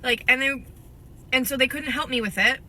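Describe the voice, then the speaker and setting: A woman's voice: sits high, normal speed, bright, forceful tone, a little hiss or hum. A woman who works as a substitute teacher, earnestly recounting her day in a chatty vlog. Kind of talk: casual vlog monologue.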